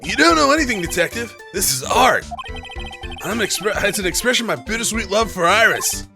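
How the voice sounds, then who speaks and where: A man's voice: high-pitched, expressive, brisk, gravelly. A man voicing a whiny, lovesick young man who talks in a melodramatic way. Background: game music.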